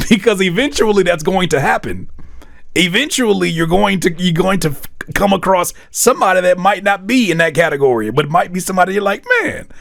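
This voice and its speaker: A man hosting a music reaction video, talking casually, laughing often and swearing as he gets excited. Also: sits high, vocal fry, dry recording, studio quality.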